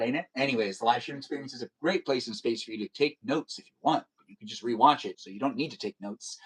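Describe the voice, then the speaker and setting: A man live streaming a video game, chatting casually and rambling, talking fast, reading chat aloud and half-singing his username letter by letter. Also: on the high side, rough recording.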